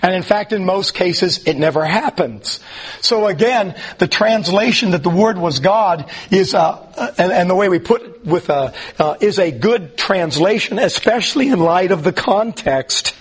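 Male Bible-class teacher, a bit high and husky, loose and rambling delivery. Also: lively intonation, moderate pace. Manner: rambling, chatty, with many ums and restarts.

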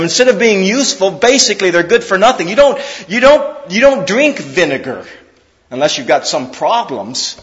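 A man's voice: high-pitched, fairly bright tone, long reverb tail, rough recording. A man preaching an expository sermon in an earnest, conversational way, asking his listeners direct questions. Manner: earnest, conversational, with rhetorical questions and sports metaphors.

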